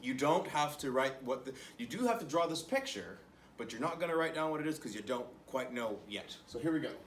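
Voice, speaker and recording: A man's voice: mid-range voice, expressive, brisk, a bit bright, reverberant, recorded from a distance, a little hiss or hum. A young man teaching an online music lesson to children, encouraging them and counting rhythms aloud as he claps.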